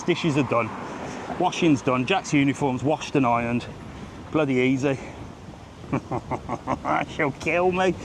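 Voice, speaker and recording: A man's voice: medium pitch, moderate pace, background noise. A middle-aged man with a jokey, ranting manner, vlogging live while walking an outdoor seafront, talking into a handheld phone and a little out of breath. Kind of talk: live walking vlog chat. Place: outdoors on a sunny seafront street. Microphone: phone held while walking.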